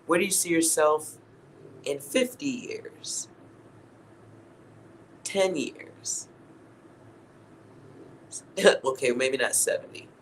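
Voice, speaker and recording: A man's voice: fairly high pitch, drawn-out words, pauses often, slight background noise, rough recording. A man giving a casual, blunt tarot reading to his viewers, laughing at himself and swearing now and then. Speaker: tarot reader.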